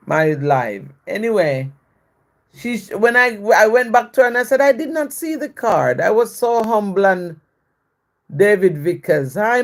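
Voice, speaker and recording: Woman, live-stream host, lively swooping voice, chatty storytelling, blessings to viewers. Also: lowish voice. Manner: warm blessings to viewers, repetitive and reflective. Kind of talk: casual storytelling while greeting viewers.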